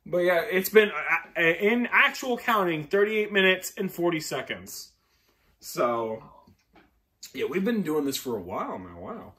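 A man hosting a casual gaming chat with friends, jokey and excitable, often jumping into high-pitched shrieks. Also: a little slow, distant mic. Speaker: gaming channel host.

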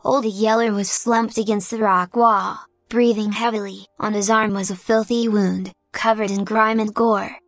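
A woman reading a fan fiction story aloud, narrating with steady storytelling. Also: mid-range voice, unhurried, hardly any pauses, no room sound, faint music behind. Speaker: audiobook narrator.

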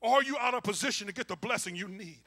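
A male pastor preaching a call-and-response sermon, swinging from quiet asides to shouting and talking to the congregation informally. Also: high-pitched, fast talker. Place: church.

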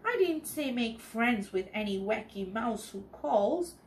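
A fretful, exasperated male mouse newspaper editor from a children's storybook, forever at the end of his rope, read aloud by a woman. The voice is fairly high, and the pitch swings widely. The lines come out slowly. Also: lively intonation, reverberant, slight background noise. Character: fussy, easily flustered male mouse editor.

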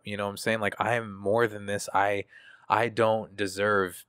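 A man's voice: lowish voice, little pitch movement, normal speed, fairly bright tone, clean tone, no room sound, studio quality. A man, a guest artist in an interview, talking candidly in a casual, profane and reflective way, with many fillers.

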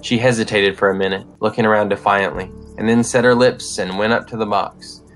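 A man narrating a short story in a measured reading voice. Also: lowish voice, steady tone, a bit bright, soft background music.

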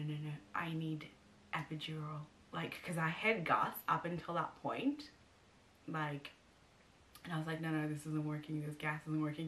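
A woman's voice: sits low, sharp tone. A young woman and new mother chatting to camera, telling a personal story with lots of fillers and acted-out quotes.

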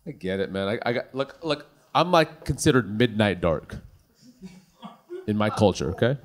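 A man performing stand-up comedy in a club, with an animated, punchy delivery full of rhetorical questions. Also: lowish voice, normal speed.

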